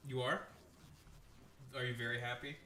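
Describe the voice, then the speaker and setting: A man's voice: mid-range voice, level tone, normal speed, pushed and bright, reverberant. A man streaming, trading crude, teasing banter and mock-grandiose announcements with his chat. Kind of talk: casual livestream banter.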